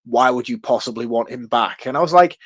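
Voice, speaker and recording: A man's voice: mid-range voice, a little fast, no room sound. A man, chatting casually and animatedly as a podcast co-host, laughing and swearing freely. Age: 30s. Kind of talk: casual film-review chat.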